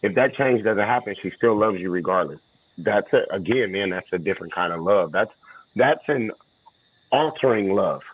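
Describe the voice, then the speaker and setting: A man's voice: lowish voice, lively intonation, moderate pace, slightly rough, dry recording. A man co-hosting a relationship podcast, speaking in an earnest, reflective way. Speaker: podcast co-host. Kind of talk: casual chat. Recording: dry, slightly dull audio.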